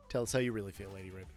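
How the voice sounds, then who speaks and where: In a relaxed live stream, a man with a Midwestern American accent laughs, jokes and replies to chat as he plays. His voice is lowish and a little mellow.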